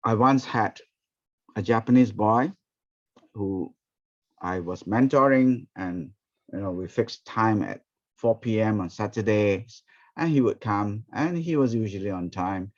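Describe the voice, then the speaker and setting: A man, teaching a ministry training session through lively stories and acted-out quotes. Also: fairly low pitch, measured pace. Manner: animated, acts out quoted speech. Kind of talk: storytelling teaching talk. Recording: dull, muffled recording.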